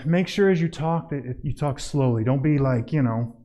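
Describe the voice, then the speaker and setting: A man teaching a church group how to make home visits, talking casually and acting out doorstep scenes in a raised, lively voice. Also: medium pitch, moderate pace, lo-fi sound. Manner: admits he mumbles when tired. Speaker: church outreach trainer. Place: church hall.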